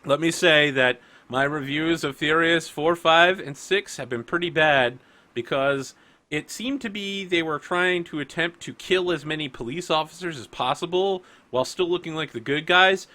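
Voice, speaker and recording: A man's voice: on the high side, moderate pace. A man running a tabletop game, chatting casually and ranting with lots of swearing before play starts. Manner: ranting, profane, animated storytelling. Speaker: game master.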